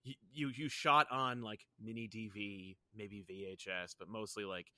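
A man's voice: fairly low pitch, fairly even intonation, normal speed, pushed and bright, no echo. A man in his thirties, a podcast guest, talking in a casual, rambling way with lots of fillers and restarts. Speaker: podcast guest, comics YouTuber. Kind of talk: casual chat.

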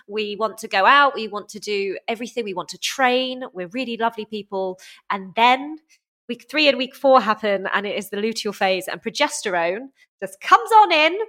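Lively woman with a bright voice. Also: normal speed. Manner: lively, acts out inner voices with big pitch jumps. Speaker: podcast guest, fitness coach. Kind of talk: casual podcast interview.

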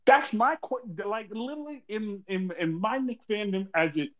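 A man's voice: sits high, normal speed, muffled recording. A man venting on a casual podcast, profane and rambling, repeating himself when he is frustrated.

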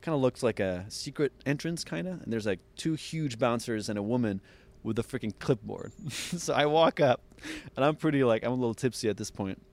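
A man tells a story on a podcast, swinging his voice up as he acts out what others said. He laughs often and keeps the pace moving, at an ordinary pitch for a man. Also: lively intonation, fairly quick. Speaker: podcast guest. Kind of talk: animated storytelling.

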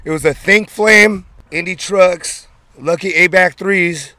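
A man's voice: high-pitched, slow, pushed and bright, no echo. A man from San Francisco telling stories as an interview guest, laid-back and streetwise, with plenty of slang and swearing. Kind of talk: casual storytelling interview.

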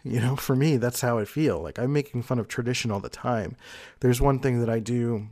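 A man explaining personality types in a casual, rambling monologue, peppered with "like" and soft laughs. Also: mid-range voice, a little fast, dry recording, clean studio sound. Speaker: personality type commentator.

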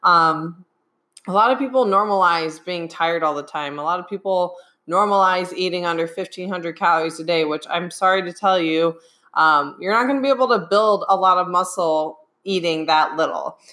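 A woman's voice: fairly low pitch, moderate pace, pushed and bright. A young woman, a nutrition coach, talking casually in a live question-and-answer chat, emphatic and often checking in with "okay?". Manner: chatty, emphatic, keeps asking "okay?".

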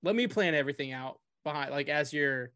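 A man's voice: on the high side, lively intonation, fairly quick, a bit bright, clean tone, dry recording, clean studio sound. A man from Houston co-hosting a sports podcast, rambling, joking and swearing in casual chat. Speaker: podcast co-host.

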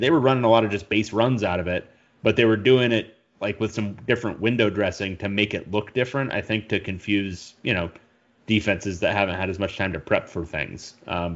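A man's voice: on the low side, dull audio. A man co-hosting a podcast in casual chat, reading listener mail and searching things up aloud. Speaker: podcast co-host.

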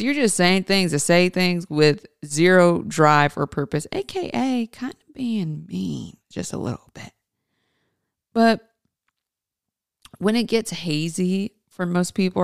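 A woman's voice: lowish voice, gravelly, clear, resonant tone, no echo, studio quality. A woman hosting her own podcast in a casual, chatty way, speaking informally to listeners as folks. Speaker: podcast host.

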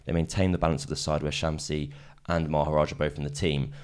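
A man's voice: extremely low pitch, little pitch movement. A man co-hosting a podcast, chatting casually about cricket in a rambling way full of "kind of". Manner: fast, rambling, leans on "kind of". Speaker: podcast co-host.

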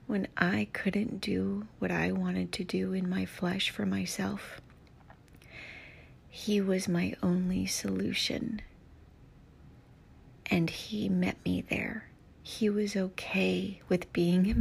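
A woman's voice: mid-range voice, vocal fry, breathy edge. A woman with a scratchy voice hosts a Christian podcast, tired and near tears, talking in a heartfelt, half-whispered way. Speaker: podcast host, Christian life coach. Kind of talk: emotional casual podcast talk.

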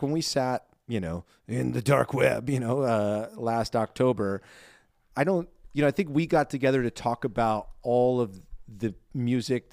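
A man co-hosting a podcast in casual chat, earnest and heartfelt, talking in halting bursts full of fillers and restarts. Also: medium pitch, darkish tone, dry recording, clean studio sound. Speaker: podcast co-host.

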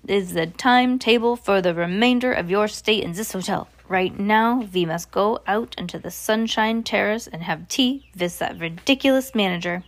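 A woman's voice: medium pitch, moderate pace, hardly any pauses, natural voice. A woman reading aloud and voicing the imperious female leader of the witches, barking orders. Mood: commanding.

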